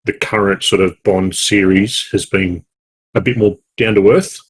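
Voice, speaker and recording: A man's voice: low-pitched, steady tone, measured pace, a little hiss or hum. An Australian man co-hosting a gaming podcast, chatting casually in a rambling, jokey way with many self-corrections. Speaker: podcast co-host. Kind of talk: casual chat.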